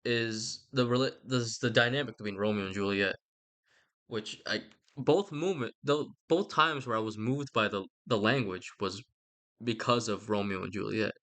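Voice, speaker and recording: A man's voice: lowish voice, normal speed, a bit bright. Rambling casual man mid-ramble. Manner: meandering, self-correcting, slangy and irreverent. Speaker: video essayist.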